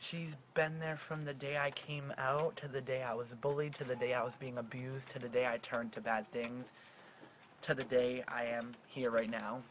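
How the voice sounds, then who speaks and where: A man's voice: medium pitch, little pitch movement, moderate pace, fairly bright tone, rough recording. A young man in his late teens talking straight to the camera in a sincere, heartfelt vlog. He stutters and restarts words now and then. A faint background hum sits under his voice. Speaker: vlogger. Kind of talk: personal advice vlog.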